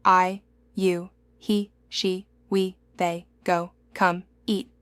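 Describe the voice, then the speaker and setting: Clear, measured woman teaching a lesson. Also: lowish voice, flat delivery, fairly bright tone, no room sound. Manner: clear, measured, instructive, encouraging. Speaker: English teacher. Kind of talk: scripted language lesson.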